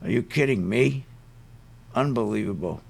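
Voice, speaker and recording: A man's voice: mid-range voice, moderate pace, gravelly, a little mellow, husky. A man hosting a radio show, delivering an opinionated, ranting monologue full of sarcastic asides.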